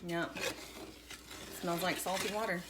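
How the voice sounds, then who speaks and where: This mother, in her thirties, has a lowish voice with fairly even intonation and speaks a little slowly. She hosts a kids' science video, chatting casually while cooking at home and patiently, cheerfully giving children step-by-step instructions. Her kitchen sounds echoey, with clear background noise.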